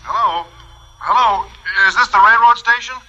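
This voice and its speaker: A man's voice: very high-pitched, moderate pace, sharp tone, soft background music. A man with a fussy, earnest manner in 1950s radio comedy acting. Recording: dull old radio recording.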